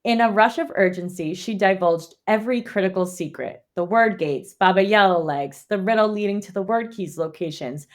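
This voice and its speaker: A woman's voice: medium pitch, moderate pace, few pauses. Woman book podcast host, reads the recap then gets chatty and swears a bit. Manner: animated, swears, laughs often. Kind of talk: read summary and casual book chat.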